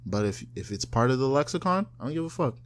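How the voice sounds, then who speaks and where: A man's voice: medium pitch, sing-song, quick pace. Podcast co-host, man from South Florida, casual and profane, slips into goofy impressions. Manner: loose, swearing, mimics people with voice changes.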